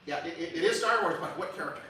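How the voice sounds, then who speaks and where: A man's voice: on the high side, fast talker, a little hiss or hum. A man giving a public lecture with lots of restarts, humming and singing short examples as he goes. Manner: animated, many restarts, sings and hums examples. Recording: echoey hall recorded from far.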